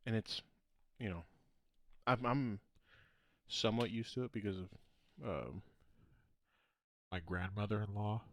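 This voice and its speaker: A man's voice: lowish voice, measured pace, pauses often, no room sound. Rambling, laughing male podcast host. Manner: rambling storyteller, laughs often, trails off mid-sentence. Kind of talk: casual chat.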